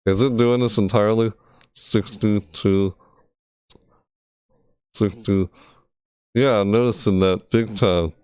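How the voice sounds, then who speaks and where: Slow, smooth-voiced man troubleshooting his stream. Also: lowish voice, steady tone, a little mellow, dry recording, studio quality. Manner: frustrated, thinking aloud, talking to chat; repeats words over and over while testing. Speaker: gaming streamer. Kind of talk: casual live-stream commentary.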